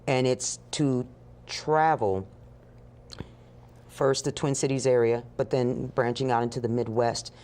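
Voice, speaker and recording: A woman telling a story as an interview guest, animated and acting out the voices of the people in it. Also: very deep voice, unhurried, pauses often. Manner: animated, acts out dialogue with laughs.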